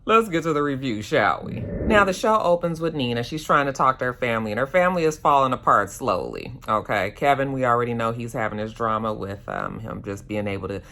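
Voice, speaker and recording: A woman's voice: a bass voice, lively intonation, brisk, few pauses, a bit bright, a little hiss or hum. A woman giving a casual, slangy recap of a TV episode. She talks into a handheld phone in a hotel room. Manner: chatty, slangy, acts out characters' lines. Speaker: TV episode reviewer.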